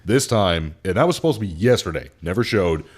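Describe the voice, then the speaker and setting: Young male co-host, casual storyteller, lively pitch, slightly low voice. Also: brisk. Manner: animated, acts out customer in high voice. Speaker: podcast co-host, car service advisor.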